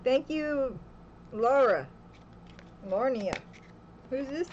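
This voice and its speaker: A woman's voice: high-pitched, expressive, drawn-out words, a little mellow, highs cut off, a little hiss or hum. A young woman telling a story in a casual vlog at home, chatty and laughing often, with "okay" again and again. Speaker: vlogger.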